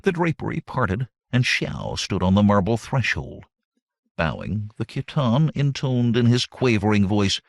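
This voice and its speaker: A man narrating a fantasy novel as an audiobook, with an expressive, dramatic reading. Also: lowish voice, unhurried, gravelly, no echo, studio quality.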